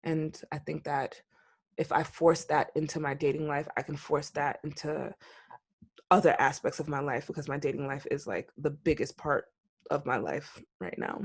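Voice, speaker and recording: A woman co-hosting a podcast, chatting casually and telling a dating story with animated, acted-out quotes. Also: low-pitched, normal speed, slightly rough. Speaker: podcast co-host. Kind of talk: casual chat.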